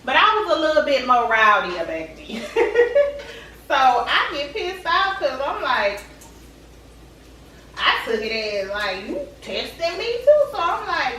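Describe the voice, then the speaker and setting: Slow-talking woman in an echoey room. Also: high voice, recorded from a distance, slight background noise. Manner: chatty, animated, talks straight to viewers. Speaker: vlogger. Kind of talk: casual storytelling to viewers. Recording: echoey room, away from the mic.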